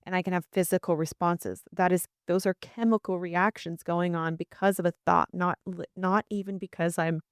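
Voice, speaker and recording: Smooth, low-voiced woman podcast host. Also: moderate pace, hardly any pauses, no room sound, clean studio sound. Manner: reflective, animated storytelling. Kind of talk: conversational interview.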